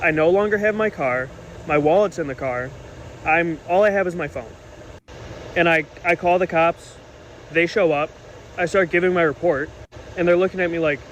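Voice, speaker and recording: A young man telling a personal story to the camera, indignant and animated, acting out quoted lines. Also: fairly high pitch, moderate pace, long pauses, a little hiss or hum, rough recording.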